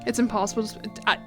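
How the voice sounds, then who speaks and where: Chatty young woman streaming a game. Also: a little high. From United States. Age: young adult. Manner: chatty, self-deprecating, reads chat aloud and laughs often. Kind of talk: casual gaming stream chat. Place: home room.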